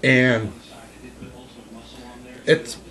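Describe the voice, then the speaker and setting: Man chatting haltingly about old cartoons. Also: mid-range voice, pushed and bright, faint music behind. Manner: rambling, halting, with restarts. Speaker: co-host. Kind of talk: casual chat.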